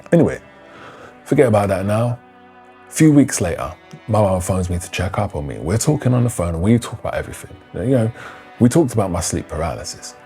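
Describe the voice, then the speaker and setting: A man, telling a personal story in a loose, slangy, animated way. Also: on the low side, fairly quick, faint music behind. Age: 30s. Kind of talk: casual spoken storytelling.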